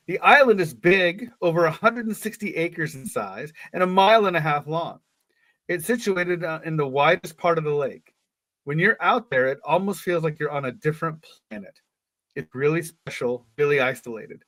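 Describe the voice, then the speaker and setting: Higher-voiced man reading with jokey asides. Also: animated, normal speed, fairly bright tone, dry recording. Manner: joking, laughs between lines. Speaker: podcast co-host reading aloud.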